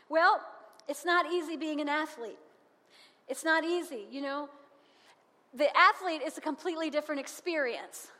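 High, bright woman preaching. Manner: lively, humorous, emphatic and repetitive. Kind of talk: sermon. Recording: long hall reverb.

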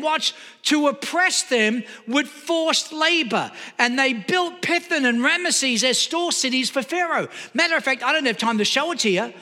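A man's voice: very high-pitched, sharp tone, long reverb tail. A male preacher giving an emphatic sermon, often asking his listeners rhetorical questions.

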